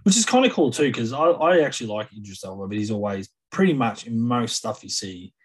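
A man's voice: medium pitch, expressive, fairly quick, husky, low-quality recording. A man co-hosting a casual podcast about a film, thoughtful and hedging, often repeating himself as he works out a point.

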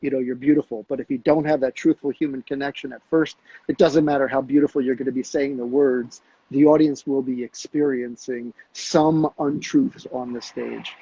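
A man hosting a casual conversation who tells anecdotes in an animated, storytelling manner. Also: medium pitch, normal speed, slightly rough, lo-fi sound.

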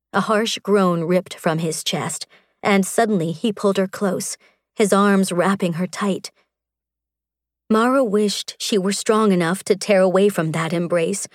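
A woman reading a romance audiobook in a measured, expressive narration. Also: mid-range voice, no echo, studio quality.

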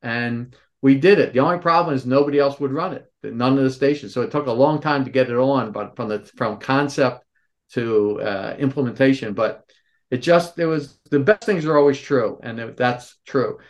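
A man in his sixties with a medium-pitched voice talks at a normal speed. He's a store owner from around Philadelphia, appearing as a podcast guest and answering with animated stories while acting out the quoted voices.

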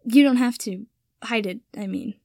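A woman voicing a gentle, caring young wizard man who speaks hesitantly, in a storybook reading. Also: a little high, normal speed, vocal fry, dry recording, clean studio sound.

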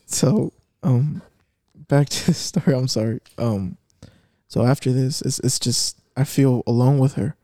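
A young man telling a story in casual chat, slangy, switching into Spanish, with halting restarts. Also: mid-range voice, mellow, dry recording, clean studio sound.

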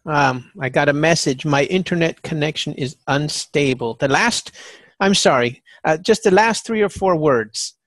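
A man's voice: a little high, moderate pace, fairly bright tone, dry recording. A man hosting a podcast interview who chimes in with brief, encouraging replies. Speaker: podcast host.

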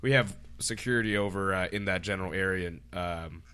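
A man's voice: low-pitched, a little fast, sharp tone, smooth. A man, a bartender, telling a workplace story in a laid-back podcast chat, sprinkled with "literally" and "like".

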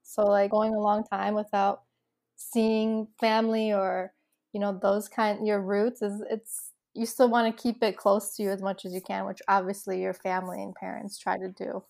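A woman hosting a casual interview, speaking in a relaxed, reflective way. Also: medium pitch, normal speed, creaky.

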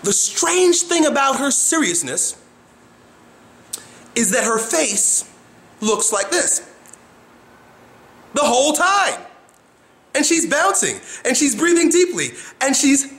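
A man giving a motivational talk to camera as an animated storyteller who acts out faces and sounds. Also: extremely high pitch, takes it slowly, long pauses. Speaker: motivational vlogger.

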